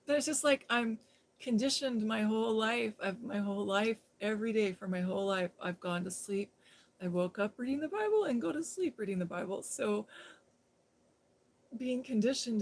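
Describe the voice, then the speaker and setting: A woman's voice: medium pitch, moderate pace. Chatty, giggly woman on a phone live stream. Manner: chatty and giggly, talks to viewers in chat. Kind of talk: casual live-stream chat.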